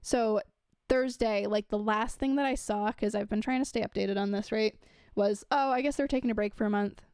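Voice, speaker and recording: A woman's voice: mid-range voice, steady tone, moderate pace, darkish tone, smooth, dry recording. A young woman giving casual commentary, reading news quotes aloud and adding chatty asides with fillers.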